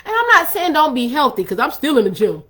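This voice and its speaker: A woman's voice: sits high, big pitch swings, fast talker, a bit bright. A woman hosting a faith-based talk on love and relationships, speaking in a conversational, emphatic, preacherly way. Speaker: ministry host.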